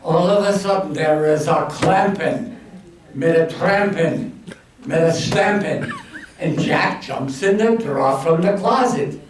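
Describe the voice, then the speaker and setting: A man telling a comic bedtime story, full of puns and drawn-out, jokey phrasing. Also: a little high, slight background noise. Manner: jokey, punning, slow and drawn-out. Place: community hall. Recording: echoey room, mic far off.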